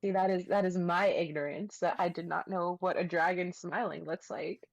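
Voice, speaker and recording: A woman's voice: fairly low pitch, moderate pace, creaky, no echo, lo-fi sound. A woman playing in an online tabletop game, chatting casually, laughing a lot and swearing freely. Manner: giggly, excitable, swears freely. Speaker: player.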